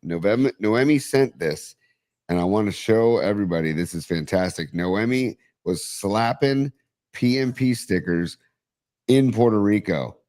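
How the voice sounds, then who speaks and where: Deep-voiced easygoing male co-host. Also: expressive, a little slow, darkish tone, no room sound. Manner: easygoing, enthusiastic, reads out listener mail. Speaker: podcast co-host. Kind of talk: casual sports talk show. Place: small studio.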